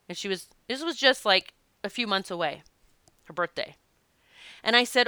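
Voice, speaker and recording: Bright, crisp-voiced woman storyteller. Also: mid-range voice, normal speed, long pauses, no room sound. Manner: animated, emphatic storytelling. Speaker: past life regression practitioner. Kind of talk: casual spoken talk to an audience.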